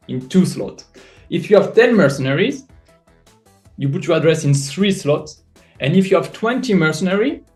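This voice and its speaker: A man with a French accent explaining a project in a live audio chat, halting with many fillers and restarts. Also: fairly high pitch, darkish tone. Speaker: NFT project creator.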